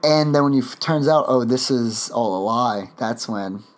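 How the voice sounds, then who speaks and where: A man's voice: medium pitch, moderate pace. Guy hosting a podcast, casual rambly chat, lots of ums and restarts. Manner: rambling, many fillers and restarts. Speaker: podcast host.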